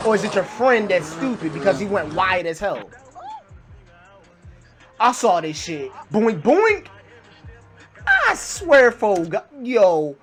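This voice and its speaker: Reaction host, male, excitable and loud, very lively delivery. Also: high-pitched. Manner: excitable, yells at the clips, heavy swearing. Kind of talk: casual profane reaction commentary.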